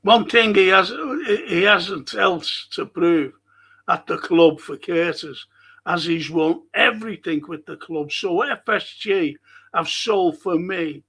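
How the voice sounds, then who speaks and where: Gravelly, husky man ranting slowly. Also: on the high side, sharp tone. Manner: angry, sweary, rambling. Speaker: football fan show host. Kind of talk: ranting live-stream monologue.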